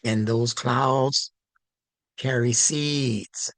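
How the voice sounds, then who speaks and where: A male instructor giving a slow, emphatic religious language lesson, stressing key words. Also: mid-range voice, fairly even intonation, a bit bright, no echo. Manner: slow, deliberate, emphatic teaching.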